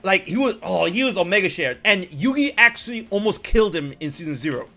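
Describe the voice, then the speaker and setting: Male podcast host, bright high voice, animated storyteller who swears a lot. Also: fairly quick, faint music behind. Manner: animated storyteller, acts out characters, swears freely. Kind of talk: casual chat, retelling anime scenes.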